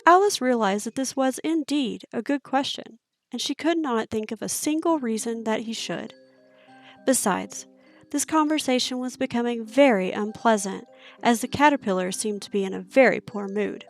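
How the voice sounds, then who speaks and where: A woman's voice: on the high side, faint music behind. Woman reading a storybook aloud. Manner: measured, expressive reading. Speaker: narrator.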